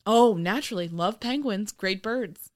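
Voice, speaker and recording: A woman's voice: medium pitch, measured pace, no room sound, clean studio sound. A woman co-hosting a podcast in casual chat, giggling often and rambling with fillers. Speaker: podcast co-host.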